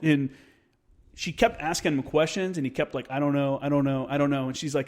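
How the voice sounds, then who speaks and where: A young man in casual podcast conversation, his pitch sitting squarely in the middle. He tells a story with plenty of swearing and acts out every quoted line. The storytelling keeps moving. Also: quick pace. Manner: profane, animated storyteller who acts out quotes. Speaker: podcast guest.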